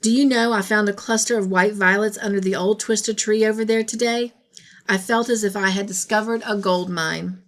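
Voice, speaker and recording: A woman reading the lines of a dreamy, emotional young woman in a storybook, halting and stammering. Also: mid-range voice, steady tone, lightly acted.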